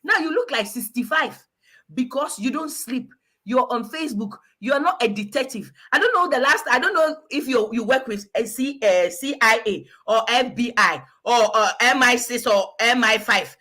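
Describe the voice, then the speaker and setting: A woman from Africa, a guest giving animated, emphatic advice in a preachy, exhortative manner. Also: fairly high pitch, moderate pace.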